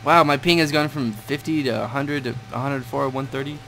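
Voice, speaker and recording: A young man casually commentating a shooter game, swearing and shouting at enemies as he plays. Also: mid-range voice, fairly quick. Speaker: gameplay commentator. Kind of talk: casual gaming chat. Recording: game audio behind with clear gunfire noise.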